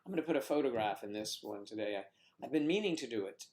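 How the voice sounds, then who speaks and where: A livestream host with a mid-range, darkish voice talks quickly with lively intonation, and a little hiss or hum sits in the recording. Reading viewer comments casually, he cracks playful puns and at times whispers.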